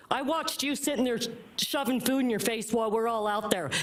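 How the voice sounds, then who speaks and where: A woman's voice: mid-range voice, fairly quick. A woman speaking angrily and bluntly at a county commission meeting, hammering her points with repeated phrases into a podium microphone. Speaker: public commenter at a county meeting. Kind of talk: impassioned public comment.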